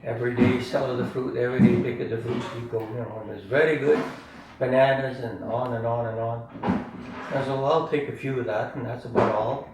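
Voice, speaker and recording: Speaking a little fast in a steady mid-range voice, an older man rambles and chuckles through casual family reminiscences, often ending his phrases with "eh?". He's recorded on a distant mic in a roomy space with faint room noise.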